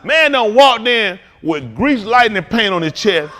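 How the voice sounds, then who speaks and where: A man preaching as a pastor in a fiery talk, swinging from low mutters to loud outbursts. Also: very animated, measured pace.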